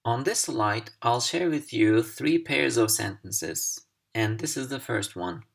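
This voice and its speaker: A man teaching English over slides, speaking slowly and deliberately with careful pauses. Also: medium pitch, animated, gravelly. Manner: slow, deliberate, carefully paced. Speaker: English language instructor. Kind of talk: slide-based recorded lesson.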